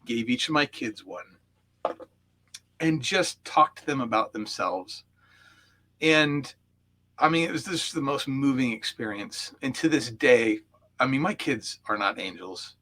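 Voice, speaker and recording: A man's voice: mid-range voice, lively intonation, a little slow, sharp tone. A man, a coach, recounting personal memories as an interview guest, heartfelt and reflective, with frequent fillers. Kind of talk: storytelling in an interview.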